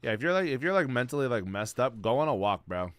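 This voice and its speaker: A young man streaming, chatting casually in a rambling, slang-heavy, excitable way. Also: mid-range voice, fast, clean tone, dry recording. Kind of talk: casual chat.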